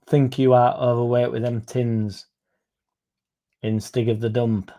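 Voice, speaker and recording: A man's voice: mid-range voice, level tone, a little slow, long pauses, warm tone, a little hiss or hum. A young man hosting a football fan livestream, chatting sarcastically and reading out viewer comments. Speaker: fan channel host.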